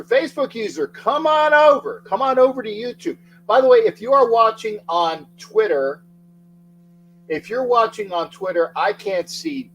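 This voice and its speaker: A middle-aged man hosting a casual sports livestream, excitably shouting out viewers' names and rambling between topics. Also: mid-range voice, a little hiss or hum, low-quality recording. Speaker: livestream sports talk host.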